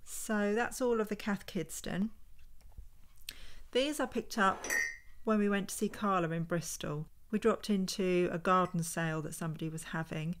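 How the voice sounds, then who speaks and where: A woman's voice: medium pitch, slight background noise. Chatty woman showing her finds. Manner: chatty, unhurried, thinking aloud while handling items. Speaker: vintage homeware reseller. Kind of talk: casual show-and-tell vlog. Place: at home.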